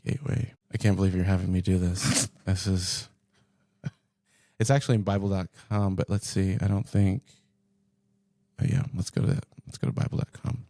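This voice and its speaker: A man's voice: normal speed, no echo, clean studio sound. A man, a pastor, talking casually and with energy through a Bible passage with a co-host. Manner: animated, jumps into high pitch for jokes and read-outs. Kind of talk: casual conversational Bible discussion.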